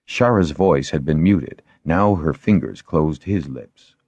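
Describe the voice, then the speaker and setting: A man narrating an audiobook in a scripted, expressive storytelling manner. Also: a bass voice, takes it slowly, slightly rough, dry recording.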